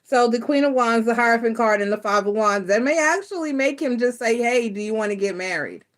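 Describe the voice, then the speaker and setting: A woman's voice: on the high side, a little fast. A woman giving a live tarot reading, rambling and reassuring, with many fillers and restarts. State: close to tears. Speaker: tarot reader.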